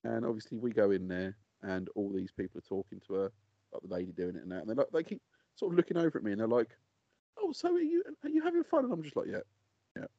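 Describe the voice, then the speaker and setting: British guy on a podcast, quick lively chat, husky dry voice, lo-fi. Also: fairly low pitch, dry recording. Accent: British English. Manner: animated storytelling, laughs often. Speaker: podcast co-host. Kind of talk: casual chat. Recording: dull lo-fi sound.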